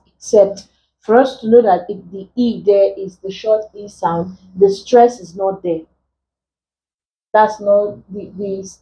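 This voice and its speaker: A woman English tutor teaching vowel sounds for exam preparation, saying example words slowly and often repeating them. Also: mid-range voice, dark tone, a little hiss or hum, rough recording. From Nigeria. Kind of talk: exam prep lesson.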